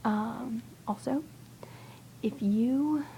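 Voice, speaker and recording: Whispering young woman with a gravelly tone. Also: a little high, extremely slow, dark tone, slight background noise, low-quality recording. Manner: whispering, rambling, hesitant. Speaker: vlogger. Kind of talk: casual whispered video chat to a friend.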